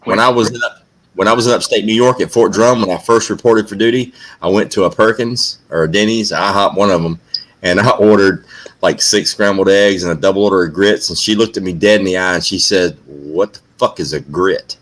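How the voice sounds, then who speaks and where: Guy with a lowish voice, chatty host, cusses casually while telling stories. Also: fairly even intonation, fairly quick, a bit bright. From American South. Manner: storytelling, swears casually, emphatic. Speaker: livestream host. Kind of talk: casual group chat on a livestream.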